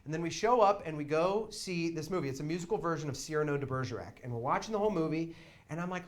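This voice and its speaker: A young man telling a long comic story on a theater stage, chatty and wry, shouting quoted lines for effect. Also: a little high, animated, fast. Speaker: comedian. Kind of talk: live storytelling stand-up. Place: small theater stage with audience.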